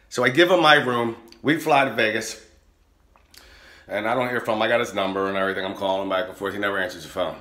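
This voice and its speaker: Bright-voiced man telling a rowdy story. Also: fairly low pitch, quick pace. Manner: animated, profane, storyteller. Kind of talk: casual anecdote telling. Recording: roomy echo.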